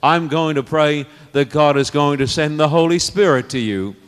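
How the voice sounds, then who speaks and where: A man's voice: fairly high pitch, moderate pace, smooth. A man preaching an evangelistic sermon, earnest and pleading, repeating phrases for emphasis. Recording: long reverb of a hall.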